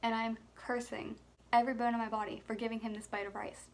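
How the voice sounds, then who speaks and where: Chatty young mom, slightly high voice. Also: female voice, fast, creaky. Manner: chatty and expressive, laughs often, many filler "like"s. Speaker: mother and vlogger telling a story. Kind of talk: casual storytime monologue.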